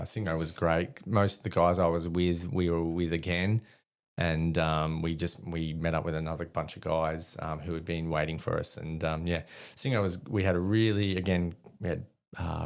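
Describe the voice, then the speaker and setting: A middle-aged man with an Australian accent and a deep, low voice, yarning casually as a podcast guest. He talks bluntly, drops swear words freely and stumbles through plenty of ums and restarts. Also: clean tone. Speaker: podcast guest, army veteran. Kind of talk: casual storytelling interview.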